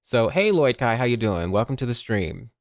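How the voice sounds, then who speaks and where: A man's voice: medium pitch, big pitch swings, moderate pace, no room sound. Easygoing male streamer with a mid-range voice, chatty, recorded dry on a desk mic. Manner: chatty, greets viewers by name, laughs often. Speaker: game streamer. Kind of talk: casual livestream chat.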